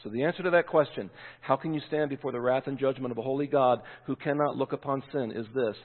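A man preaching a sermon as pastor, emphatic, slowing down and lingering on key words. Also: medium pitch. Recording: phone-like sound with long hall reverb.

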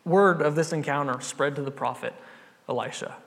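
A man's voice: a little high, normal speed, creaky, fairly bright tone. Earnest preacher man in a reverberant hall. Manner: earnest, conversational storytelling. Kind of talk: sermon retelling a Bible story.

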